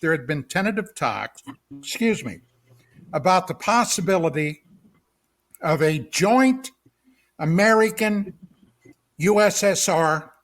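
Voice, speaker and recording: A man's voice: on the high side, a bit bright. A man co-hosting a talk radio show, telling a spooky story in a dramatic way and adding asides to the listener, with hiccups. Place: radio studio.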